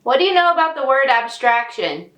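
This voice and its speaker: A woman's voice: high-pitched, very animated, fairly quick, fairly bright tone, muffled recording. A woman writer reading a novel aloud and breaking in with sarcastic, snarky commentary in casual talk. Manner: sarcastic, snarky asides between read passages. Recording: echoey room with faint noise.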